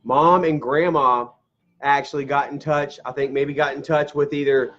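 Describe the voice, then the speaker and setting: A man's voice: mid-range voice, fairly even intonation, normal speed, a bit bright. A middle-aged man, telling a family story straight to camera at home, rambling, swearing casually and laughing through tears. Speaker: vlogger. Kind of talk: emotional personal storytelling to camera. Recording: dull lo-fi camera audio.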